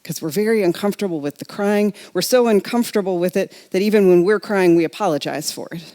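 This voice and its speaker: A woman's voice: medium pitch, fast talker, warm tone. A middle-aged woman minister preaching a sermon in a reflective, conversational way, speaking directly to her congregation. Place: church sanctuary.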